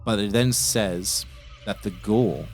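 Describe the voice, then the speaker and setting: A man's voice: fairly low pitch, slow pace, darkish tone, faint music behind. A man narrating a tabletop horror game as game master, in casual, plainspoken speech.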